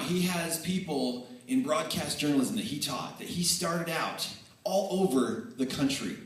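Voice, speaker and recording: Guy giving a fired-up banquet tribute, big hall echo, sounds a ways off the mic. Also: a little high. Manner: energetic, animated storytelling that swings between excited and earnest. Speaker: former student giving a tribute speech. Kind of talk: banquet tribute speech with anecdotes. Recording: echoey hall, voice from far off.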